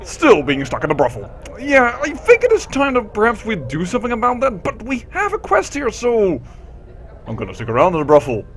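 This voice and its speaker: A man's voice: sits high, huge pitch swings, fairly quick, slight background noise. A man hosting a role-playing game playthrough in a playful, casual way, reading the game's text aloud. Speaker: let's play host.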